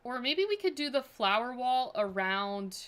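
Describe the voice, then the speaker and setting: A woman's voice: a little high, big pitch swings, unhurried, a bit bright. A woman streaming a building game, chatting casually and thinking aloud with many fillers. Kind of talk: casual livestream chat.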